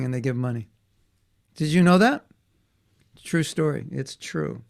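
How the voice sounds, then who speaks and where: Brief: man telling children stories, a little high, gravelly, acts out quotes. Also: normal speed, long pauses. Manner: animated, acts out voices in quotes. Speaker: teacher. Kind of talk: storytelling class for children.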